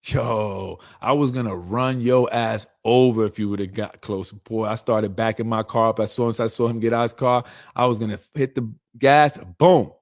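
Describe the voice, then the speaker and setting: A man's voice: medium pitch, normal speed. A middle-aged man hosting a political show, delivering a blunt, confrontational, streetwise monologue. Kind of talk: heated monologue.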